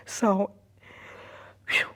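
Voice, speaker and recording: A middle-aged woman, an emergency room nurse and mother, giving a halting, repetitive personal testimony that often sinks to a hushed near-whisper. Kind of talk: personal testimony in a documentary interview.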